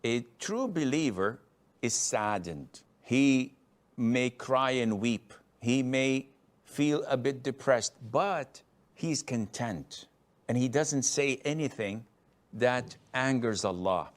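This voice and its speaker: A man's voice: medium pitch, animated, takes it slowly. A middle-aged man giving a religious lecture as a scholar answering a question, emphatic and at times mimicking complainers. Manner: emphatic, acts out complainers' voices.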